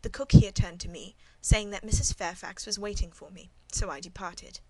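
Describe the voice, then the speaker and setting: A woman narrates a classic novel in the first person, reading in a measured, even way. Her voice sits at a middle pitch, neither high nor low. The delivery is steady and scripted, like a storybook read aloud. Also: poor audio. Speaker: audiobook narrator.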